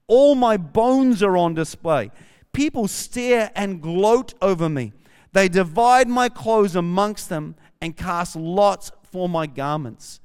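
A man's voice: high-pitched, clean tone. A man with a New Zealand accent, a campus pastor preaching a sermon and reading scripture aloud with rising fervor. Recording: long hall reverb.

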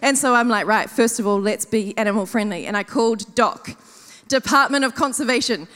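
A woman's voice: fairly high pitch, fairly quick, long reverb tail. A woman giving a sermon at a conference, telling funny everyday stories and acting out what people said. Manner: animated, self-mocking storytelling with acted-out quotes. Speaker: conference speaker. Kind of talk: storytelling sermon.

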